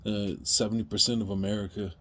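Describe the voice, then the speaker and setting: A man speaking directly to viewers in an impassioned, emphatic monologue, pleading at times and rising to loud outbursts. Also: fairly low pitch, flat delivery, fast talker, slight background noise. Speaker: video commentator.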